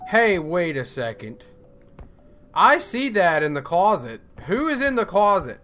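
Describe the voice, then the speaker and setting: Male game streamer, unhurried, lively pitch, joking reactions. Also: soft background music. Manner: jokey, reacting aloud. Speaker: gaming YouTuber. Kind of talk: game commentary.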